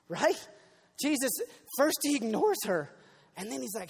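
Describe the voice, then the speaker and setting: A man's voice: extremely high pitch, measured pace, creaky, long pauses, husky. A young man preaching a conversational sermon, acting out the people in the story, sometimes crying out and sometimes dropping almost to a murmur. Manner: conversational, animated, acts out voices, swings from loud to quiet. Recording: long hall reverb.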